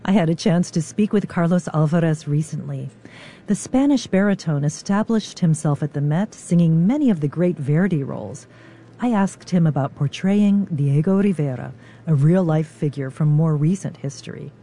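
Radio interviewer, calm scripted intros, warm darkish voice. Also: mid-range voice, moderate pace.

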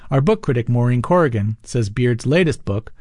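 A man's voice: medium pitch, lively intonation, moderate pace, a little mellow, no echo, studio quality. Plain-spoken male radio host. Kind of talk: radio interview.

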